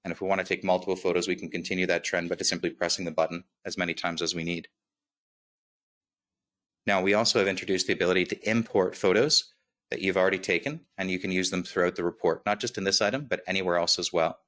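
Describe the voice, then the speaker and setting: A man with a slight lisp presenting a software demo in an upbeat, quick webinar walkthrough, often checking in with "right?". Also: low-pitched, steady tone.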